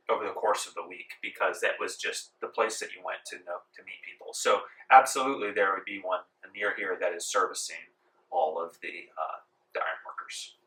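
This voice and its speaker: A man narrating a tabletop game as game master, relaxed with many fillers. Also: low-pitched, normal speed. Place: library room. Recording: echoey room from far off.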